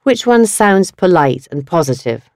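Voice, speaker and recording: A woman reading a scripted language lesson in a clear, deliberate way. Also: very animated, a little mellow, no echo, clean studio sound. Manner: clear, deliberate teaching delivery with wide pitch swings. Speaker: language course narrator. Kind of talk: scripted educational narration.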